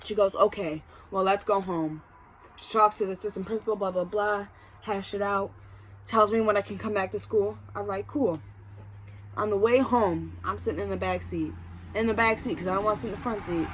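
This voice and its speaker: A woman's voice: medium pitch, fairly quick, slight background noise. A young woman vlogger telling a storytime, acting out the people in it and swearing casually. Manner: animated, acts out quotes, swears casually.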